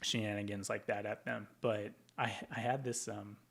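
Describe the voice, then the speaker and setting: A man's voice: lowish voice, little pitch movement, moderate pace, gravelly, fairly bright tone, husky. A man from Tacoma, Washington, a veteran guest in an interview, telling stories casually with plenty of ums and likes. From Tacoma, Washington, USA. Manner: rambling, with frequent ums and likes.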